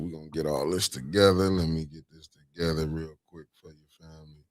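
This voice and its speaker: A man's voice: very deep voice, steady tone, moderate pace, few pauses, a little mellow, no room sound. A man hosting a casual live stream, greeting viewers by name and calling them family and beloved while he sets up sharing.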